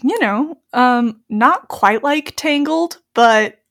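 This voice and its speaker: A woman's voice: high voice, animated, slow pace, a bit bright. A young woman reading a fairy tale aloud, breaking off into giggly, joking commentary. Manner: giggly, reads old-fashioned text then breaks into joking commentary. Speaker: story reader and co-host.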